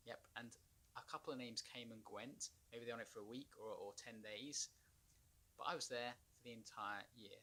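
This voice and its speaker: Gravelly man telling a rueful story. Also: mid-range voice, pushed and bright. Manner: rambling, halting, with nervous laughs and sighs. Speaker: former marine turned anxiety consultant. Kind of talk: personal storytelling to camera.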